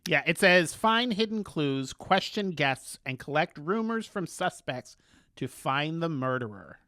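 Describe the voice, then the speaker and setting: A man's voice: a little high, very animated, measured pace, sharp tone, no room sound, studio quality. A man co-hosting a casual podcast, talking in a playful, gushing way. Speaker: podcast co-host. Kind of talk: casual chat.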